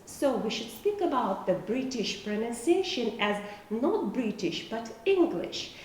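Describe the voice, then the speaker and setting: Woman lecturer, Russian native speaker, slow and halting, lively rising and falling pitch, voice far from the mic in a very echoey room with faint noise. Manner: slow, careful explaining with frequent hesitations. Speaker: university lecturer. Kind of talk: video lecture.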